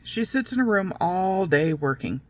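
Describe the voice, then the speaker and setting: A woman's voice: fairly low pitch, animated, moderate pace, lightly acted. A woman voicing a cruel mother who relishes telling her daughters a gross, made-up tale in a sing-song manner. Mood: gleefully cruel.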